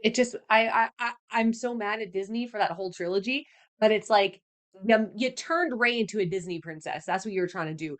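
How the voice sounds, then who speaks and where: A woman's voice: a little high, moderate pace, fairly bright tone. A young woman hosting a podcast, chatting casually and ranting with exasperation, often slipping into mocking put-on voices. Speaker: podcast host. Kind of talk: casual solo podcast chat.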